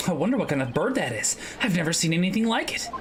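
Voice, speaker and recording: A woman's voice: on the low side, very animated, fast talker, noisy background. A woman voicing a cheerful young male lawyer on a trip abroad, reading game lines in a wide-eyed, chatty way. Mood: gushing. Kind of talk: reading game dialogue aloud. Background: game music.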